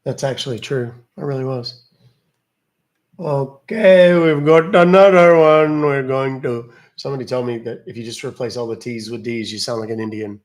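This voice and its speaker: Speaking at a normal speed in a mid-range voice, this scam-baiting livestream host from West Virginia keeps things chatty and joking. He talks directly to his chat throughout.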